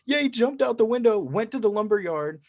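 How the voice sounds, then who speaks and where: A man's voice: high-pitched, lively intonation, fairly quick, slight background noise. A man co-hosting a podcast in casual chat, telling a story animatedly and swearing freely. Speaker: podcast co-host.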